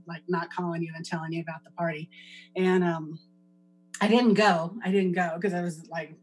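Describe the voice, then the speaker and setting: Lower-voiced woman in her middle years telling her recovery story, wanders off on tangents, lots of ums. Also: low-quality recording. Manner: conversational with many fillers and restarts. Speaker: recovery meeting speaker. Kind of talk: personal recovery share.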